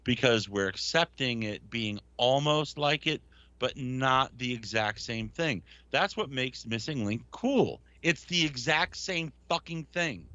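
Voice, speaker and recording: A man's voice: mid-range voice, expressive, measured pace, pushed and bright, no room sound, dull audio. A man with a Brooklyn accent co-hosting a casual podcast chat, blunt and swearing with emphatic opinions. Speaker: podcast co-host.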